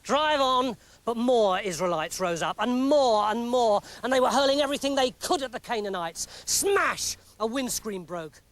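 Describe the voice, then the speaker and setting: An English man telling a comic story in a lively, mock-dramatic narrating voice. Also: very high-pitched, moderate pace, hardly any pauses.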